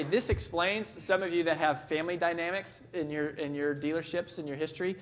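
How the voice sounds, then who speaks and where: A man's voice: a little high, fairly bright tone. A male speaker giving an emphatic motivational talk, telling stories and repeating his key phrases.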